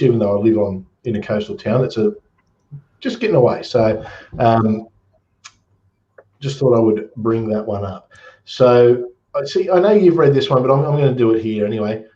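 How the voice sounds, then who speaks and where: A man's voice: fairly low pitch, warm tone. Australian male host, casual jokey chat, roomy dull-sounding mic.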